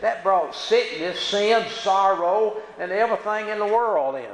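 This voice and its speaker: Speaking at a measured pace in a high voice, a man delivers a plain-spoken, folksy sermon in a church sanctuary. He frequently uses tag questions to check in with the congregation, and the recording has echoey hall reverb.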